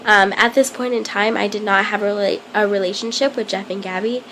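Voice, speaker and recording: Young woman talking to camera, halting and plain, lots of ums, vocal fry, air hum in the room. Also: mid-range voice, steady tone, poor audio. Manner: hesitant, many ums, soft and halting; plain confessional telling. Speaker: vlogger. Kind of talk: personal storytelling to camera.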